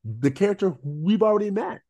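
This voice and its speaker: Animated man chatting on a podcast. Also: sits high, a little fast. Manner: animated, acts out quoted lines in character voices. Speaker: podcast co-host. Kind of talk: casual rewatch podcast chat.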